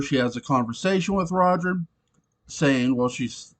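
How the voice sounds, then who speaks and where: A man casually reviewing a TV episode, animated and swearing often, laughing between points. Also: medium pitch, a little slow. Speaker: show reviewer.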